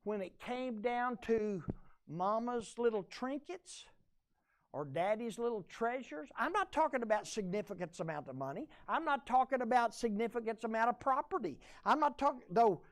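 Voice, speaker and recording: A man's voice: very high voice, lively intonation, moderate pace. A male pastor, preaching a conversational sermon and drawing his congregation in with questions. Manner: folksy, conversational preaching with audience call-and-response.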